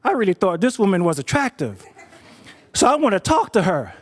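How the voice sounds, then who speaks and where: A man's voice: high-pitched, sing-song, brisk. A man telling a personal story to an audience, conversational and doubling back on his words. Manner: conversational, repeats words while thinking.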